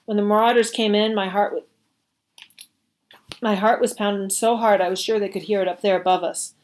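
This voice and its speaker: Brief: woman storyteller, mid-pitched, expressive and steady read-aloud. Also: moderate pace. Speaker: reader. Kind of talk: reading a story aloud at a service.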